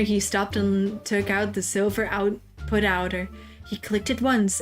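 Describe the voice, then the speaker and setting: A woman streamer reading a slang parody of a children's book aloud, swearing and laughing at the text. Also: medium pitch. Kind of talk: casual comic read-aloud.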